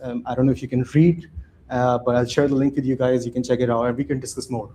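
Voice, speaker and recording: A man's voice: mid-range voice, steady tone, fast talker, dark tone, slight background noise. A man giving a conference talk from slides, speaking loosely and conversationally, often tagging his points with "right?" and restarting his sentences.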